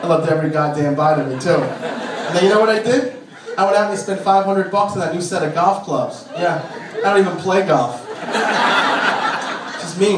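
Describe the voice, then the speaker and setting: Onstage at a club, a stand-up comic complains about his nagging wife, mimicking her in shrill, exasperated, shrieking bursts. He speaks at a moderate pace and pauses often. A distant mic picks up a roomy, noisy space with crowd laughter.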